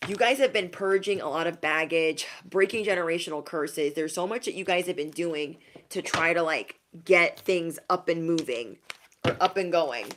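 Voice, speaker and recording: A woman's voice: moderate pace, background noise. A woman giving a casual tarot reading to her viewers, sassy and emphatic, repeating lines for effect. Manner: mocks others in high put-on voices. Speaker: tarot reader.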